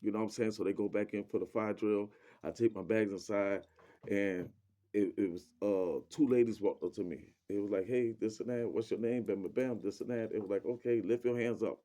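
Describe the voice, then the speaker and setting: A man's voice: on the low side, steady tone, brisk, mellow. Slangy man telling a rambling story. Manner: rambling, repeats fillers, slangy, quotes people as he goes. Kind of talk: casual spoken storytelling.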